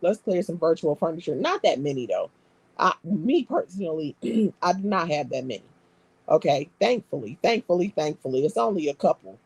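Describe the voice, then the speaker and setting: This is a woman chatting on a live stream, trading brash, profane banter with her viewers. Her voice has a gravelly, husky grain. The sound is dry and close, with no room echo. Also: sits low, big pitch swings, moderate pace, darkish tone. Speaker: live stream host reading comments. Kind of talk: casual live-stream chat.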